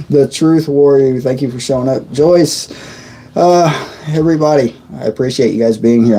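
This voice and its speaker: A man's voice: mid-range voice, mellow. A sleepy middle-aged man hosting a casual live stream, rambling as he greets viewers by name from his home desk. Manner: rambling, reading out viewer names. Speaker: livestream host.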